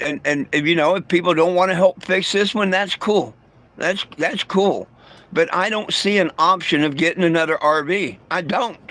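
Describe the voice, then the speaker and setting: A man's voice: on the high side, fairly bright tone. A man talking bluntly and profanely to his livestream viewers, stumbling over his words and restarting often. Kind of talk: casual livestream rant.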